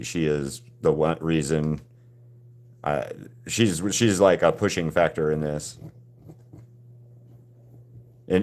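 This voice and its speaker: A man's voice: extremely low pitch, a little mellow. A man hosting a live drawing stream, chatting casually with viewers and often restarting his sentences. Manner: halting, frequent restarts and repeated words.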